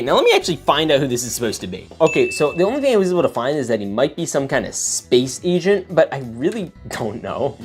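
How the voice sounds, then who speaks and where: A young man hosting a casual toy unboxing, talking in an excitable, slangy way as he reacts while building. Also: mid-range voice.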